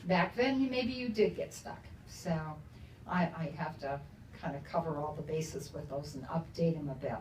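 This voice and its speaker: In a deep, darkish voice at normal speed, an older female author casually tells stories to an audience at a bookstore event, laughing often. The recording is roomy and distant, with faint ambience and a little hiss or hum.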